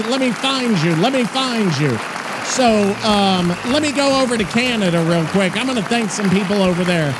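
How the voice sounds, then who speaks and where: A man co-hosting a gaming podcast, talking loudly and casually, swearing often and rambling with restarts. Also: high-pitched, background noise. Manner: loud, profane, rambling with restarts. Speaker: podcast co-host.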